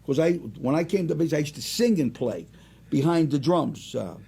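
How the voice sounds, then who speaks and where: A man around seventy, a singer and restaurant owner, telling rambling, animated stories as a guest in a casual interview. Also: on the high side, normal speed, creaky, husky. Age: about 70.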